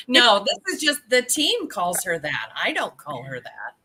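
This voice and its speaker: Bright, enthusiastic woman host. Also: mid-range voice, slightly rough. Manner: warmly enthusiastic, laughs often. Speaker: podcast host. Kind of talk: casual interview.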